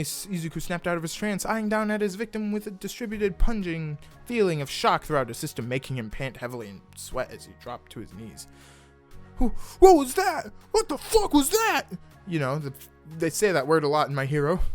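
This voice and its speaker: Young man, reading fan fiction aloud, high voice, very lively delivery, faint music behind. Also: fairly quick. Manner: animated, stumbles over words, laughs at the text. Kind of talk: casual reading aloud with asides.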